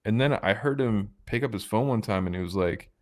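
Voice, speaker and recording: Voice on the low side, pace brisk: a man co-hosting a podcast. He keeps the chat casual and rambling, with lots of fillers and restarts.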